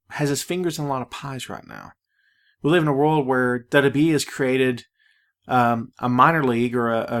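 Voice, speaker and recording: A man's voice: mid-range voice, fairly bright tone. Man, podcast host, casual solo monologue, laid-back, slightly preachy. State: out of breath.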